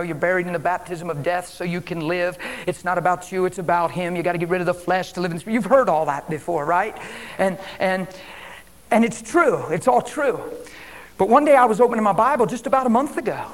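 A man preaching a sermon as a guest preacher at a church service, swinging from emphatic declarations to hushed whispers. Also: high-pitched.

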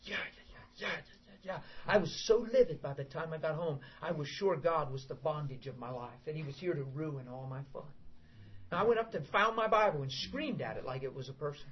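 A middle-aged man preaching a sermon, telling stories in an animated way with bursts of shouting and laughter. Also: a little high, a little fast, slightly rough. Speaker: pastor. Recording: dull lo-fi sound.

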